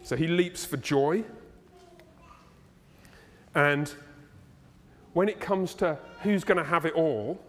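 A man preaching a sermon as pastor, animated and playful as he tells the story. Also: a little high, slow, pauses often, slight background noise. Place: church hall, live congregation. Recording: long reverb of a church hall.

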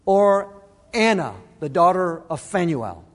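A middle-aged pastor from Arizona delivers a sermon in a slightly higher voice, a long echo ringing through the sanctuary. He speaks slowly, earnestly and conversationally, with big pitch swings and frequent restarts.

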